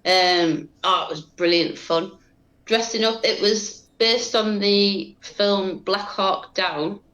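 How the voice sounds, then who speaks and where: A British woman chatting on a podcast, giving brisk, upbeat replies. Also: mid-range voice, a bit bright, reverberant, rough recording. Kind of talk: casual chat.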